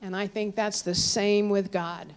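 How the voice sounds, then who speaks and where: A woman preaching a sermon, telling a story with sudden swings between raised cries and hushed, low passages. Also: steady tone, a little slow, clean tone. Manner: storytelling, dramatic swings from loud cries to hushed near-whispers; quotes figures in raised voices, drops low and soft on God.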